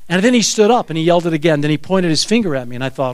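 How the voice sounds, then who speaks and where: A man's voice: a little high, big pitch swings, very fast, hardly any pauses. A man preaching a sermon, telling stories with animation and leading the congregation in call-and-response.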